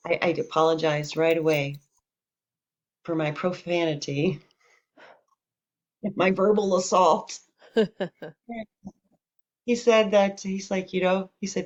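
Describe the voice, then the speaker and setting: A woman with a voice on the low side shares a personal story slowly, leaving long pauses. She's casual and candid, bringing it to life by performing what people told her, and the recording is dull and lo-fi.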